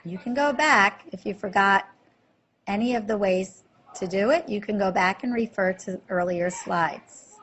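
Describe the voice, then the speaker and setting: A woman teaching a slide-based language lesson, explaining slowly and clearly and quizzing the listener with questions. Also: mid-range voice, fairly bright tone, highs cut off, a little hiss or hum. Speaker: French teacher.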